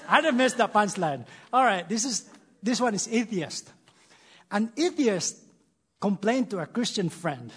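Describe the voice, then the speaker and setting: A man with a Filipino accent, opening a sermon in church with jokes, animated and laughing at himself. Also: sits high, measured pace, slightly rough. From Philippines. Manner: animated, laughing, self-deprecating. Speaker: church speaker. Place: church, before a congregation.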